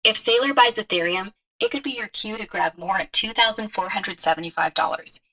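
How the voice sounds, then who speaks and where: A woman's voice: medium pitch, fairly quick, bright, forceful tone. A text-to-speech woman's voice acting as a casual, eager-to-help assistant. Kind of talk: chatty synthetic assistant.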